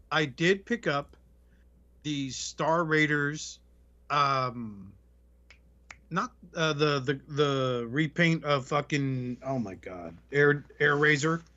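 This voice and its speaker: Man, podcast co-host, casual chat, crude jokes, profane, slightly high voice, muffled lo-fi sound. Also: pushed and bright. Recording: dull lo-fi audio.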